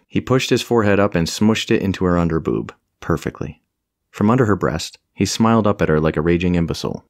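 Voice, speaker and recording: A man's voice: sits low, animated, brisk, no echo, clean studio sound. A man narrating a comic fantasy audiobook with a wry, storytelling delivery.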